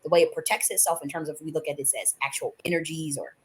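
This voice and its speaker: A woman's voice: low-pitched, steady tone, fast. A woman host talking off the cuff to her viewers, emphatic and profane, rambling with many restarts. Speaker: channel host. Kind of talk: unscripted spiritual monologue.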